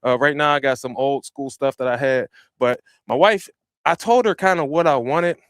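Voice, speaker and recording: A man hosting a live podcast, chatting casually and giving energetic, slangy shout-outs to viewers from a home podcast room. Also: medium pitch, moderate pace, clean tone, no room sound. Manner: slangy and informal. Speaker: podcast host. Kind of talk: live-stream podcast chat.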